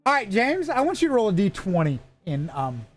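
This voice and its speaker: A tabletop game master narrates in a lively, swooping voice, rambling through restarts and swearing freely. Faint music plays underneath. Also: medium pitch, brisk.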